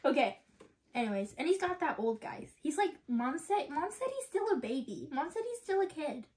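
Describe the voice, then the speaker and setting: A young woman vlogger chatting excitedly to camera, often calling out to her viewers. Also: high-pitched, moderate pace, a little hiss or hum. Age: young adult. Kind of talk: casual chat to camera.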